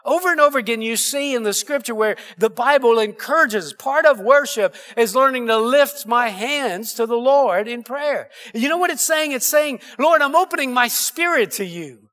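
A man's voice: extremely high pitch, moderate pace, hardly any pauses, fairly bright tone. A male pastor preaching a sermon in church, calling out to the congregation for amens. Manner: preaching with call-and-response asides. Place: church sanctuary.

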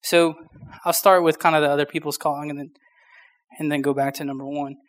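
A man's voice: fairly high pitch, flat delivery, a little fast. A young man in his twenties preaching a casual youth sermon, short of breath, with many restarts and fillers. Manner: informal, rambling, many restarts. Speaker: youth pastor.

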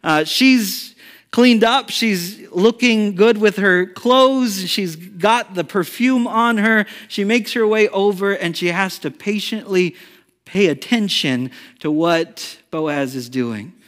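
Male pastor, high voice, chatty animated preaching, echoing church hall. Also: takes it slowly. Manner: conversational, animated storytelling with rhetorical questions. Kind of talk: sermon.

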